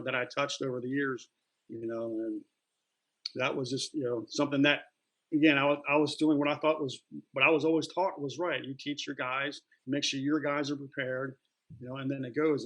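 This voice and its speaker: Middle-aged man, interview guest, relaxed storyteller, plain-spoken, mid-range voice. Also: medium pitch, low-quality recording. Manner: plain-spoken, loose, many fillers and restarts. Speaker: interview guest, retired Marine. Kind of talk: casual storytelling.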